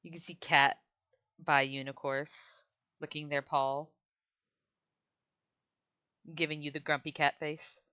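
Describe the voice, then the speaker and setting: A woman's voice: sits low, little pitch movement, takes it slowly, long pauses, sharp tone, smooth. A woman narrating a tabletop game as game master, in a casual, descriptive way with asides. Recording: slightly dull lo-fi mic.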